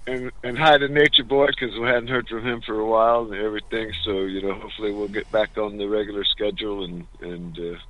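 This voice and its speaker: A man calling in to a casual podcast, halting and stumbling over his words. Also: on the low side, flat delivery, bright, forceful tone, poor audio. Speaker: podcast caller. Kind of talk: casual call-in podcast chat.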